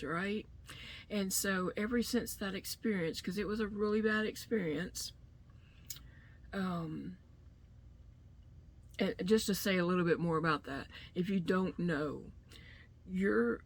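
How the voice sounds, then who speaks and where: A woman's voice: lowish voice, breathy edge. A middle-aged woman talking casually to her camera, rambling with lots of fillers and restarts. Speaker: vlogger.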